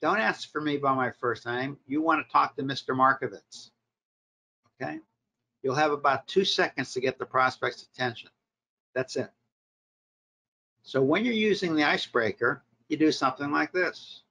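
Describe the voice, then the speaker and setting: A man leads a sales workshop, his voice bright and forward. He teaches in short, punchy directives and answers his own rhetorical questions, keeping an instructive classroom tone. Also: medium pitch, normal speed, pauses often. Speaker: marketing professor leading a workshop. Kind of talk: recorded workshop lecture.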